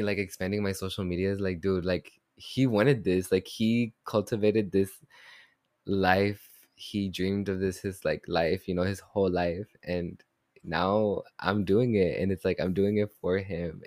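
A man's voice: deep voice, no room sound, clean studio sound. A young man from the United States touches, hosting a solo podcast in a rambling, affectionate, filler-heavy way. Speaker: podcast host. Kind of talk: casual solo podcast chat.

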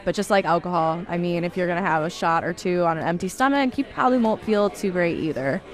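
A woman's voice: lowish voice, fast. A woman who owns a bar, speaking casually in an interview with frequent ums. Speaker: bar owner. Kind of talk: interview soundbites.

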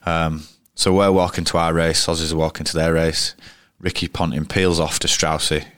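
Yorkshire bloke, real deep voice, chatting in a pub, rambly and sweary. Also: male voice, level tone, normal speed, fairly bright tone, no echo, clean studio sound. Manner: rambling, frequent restarts, blunt and sweary. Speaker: guest cricketer. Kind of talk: casual interview storytelling.

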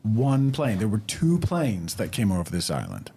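A man's voice: lowish voice, wildly swooping pitch, normal speed, gravelly, mellow, slightly rough, soft background music. A man playing in a tabletop roleplay game, asking eager questions in character and laughing now and then. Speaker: player.

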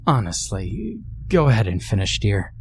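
A man's voice: on the low side, big pitch swings, moderate pace, darkish tone, slight background noise. A man doing a prim camp counselor. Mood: scolding. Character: patient, scolding camp counselor.

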